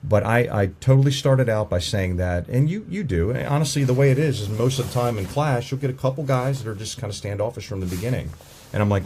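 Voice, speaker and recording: A man's voice: mid-range voice, expressive, quick pace, darkish tone, slight background noise. A man who trains police dogs, a podcast guest telling frank stories with stammering restarts and some swearing. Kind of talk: casual podcast conversation.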